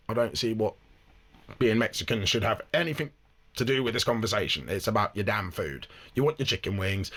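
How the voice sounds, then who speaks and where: A man's voice: fairly low pitch, fairly bright tone. A man hosting a reaction video, talking casually and wryly, with the odd swear word. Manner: chatty, wry, swears casually. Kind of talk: casual commentary.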